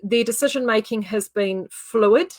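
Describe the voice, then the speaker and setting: A woman's voice: a little high, unhurried. A woman with a New Zealand accent hosting a casual livestream, chatty and rambling with many fillers. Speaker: yarn shop host.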